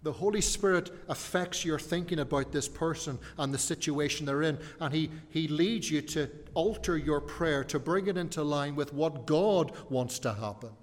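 A man's voice: fairly high pitch, normal speed, hardly any pauses. Guy preaching a sermon, asks lots of questions, long echo like a big church hall. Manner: rhetorical questions, varied emphasis.

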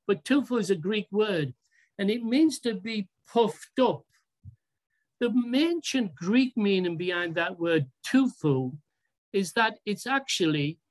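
A preacher delivering a sermon in a deliberate, emphatic way, asking rhetorical questions and drawing out key words. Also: medium pitch.

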